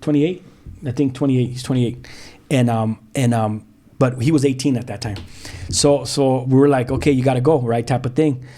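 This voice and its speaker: A man's voice: mid-range voice, fairly even intonation, normal speed, warm tone. A middle-aged man from South Central Los Angeles, a pastor giving a personal testimony in a podcast interview, telling his story with plenty of "you know" and acted-out dialogue.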